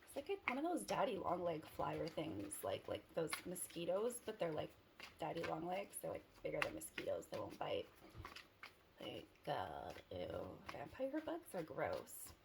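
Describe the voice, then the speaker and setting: A woman's voice: low voice, wildly swooping pitch, moderate pace, creaky, background noise. A woman giving a casual tarot reading to the camera, who rambles, giggles and cuts herself off mid-thought. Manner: rambling, giggly, self-interrupting. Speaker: tarot reader.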